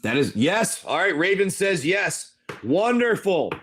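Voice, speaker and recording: A man's voice: sits high, sing-song, unhurried, a bit bright, slight background noise. A man improvising tabletop game narration on a live stream as game master. He rambles and corrects himself as he goes. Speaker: game master and livestream seller.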